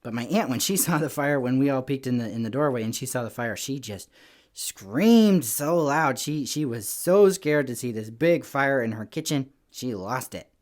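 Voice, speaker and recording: A man giving a lively children's church lesson, telling stories in an animated, playful way with little voices. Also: medium pitch, brisk, few pauses. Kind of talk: lively kids' lesson talk.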